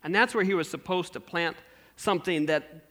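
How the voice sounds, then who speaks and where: Male pastor, sermon storytelling, higher bright voice, wide lively pitch. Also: normal speed. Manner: animated, addresses the congregation with questions.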